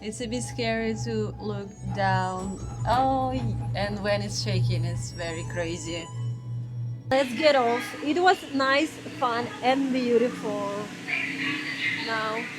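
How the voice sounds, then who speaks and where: Outdoors in a snowy city in winter, a young Russian woman with a Russian accent narrates a casual travel vlog, exclaiming in wonder and searching for English words. Her voice is medium-pitched, and background music plays.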